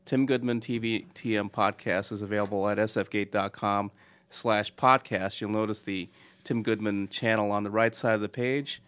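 A man helping out on a podcast with tech questions. His voice sits somewhat low, and he walks through the steps plainly with a few fillers. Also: steady tone, moderate pace, fairly bright tone, clean tone. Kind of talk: casual chat.

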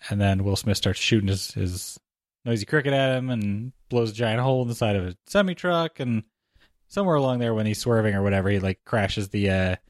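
Lowish man retelling a movie quickly. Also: dry recording, clean studio sound. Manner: animated, quick retelling with joking asides. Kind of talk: casual movie recap chat.

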